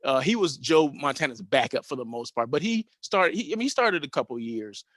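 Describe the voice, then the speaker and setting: A host in his fifties shares a personal anecdote on his show, casual and animated, peppering it with tag questions. His pitch is fairly high and his delivery brisk, with no room sound.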